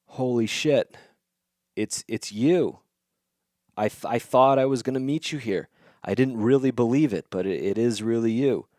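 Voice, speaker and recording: A man voicing a shaken young traveler who stammers in excitement, retold casually in a podcast. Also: mid-range voice, unhurried, dry recording, clean studio sound, voice pushed up, natural voice. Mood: awestruck.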